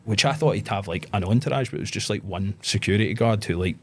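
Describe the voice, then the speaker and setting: A man with a Scottish accent, a podcast guest telling stories in a lively way and acting out the voices of the people in them. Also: lowish voice, quick pace. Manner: animated anecdotes, acts out quoted voices. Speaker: podcast guest, pro wrestler. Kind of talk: casual storytelling interview.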